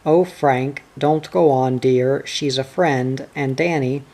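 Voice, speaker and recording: Brief: reader voicing a soft-spoken, worried wife, slow and mid-pitched. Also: fairly even intonation. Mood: pleading. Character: gentle, pleading worried wife.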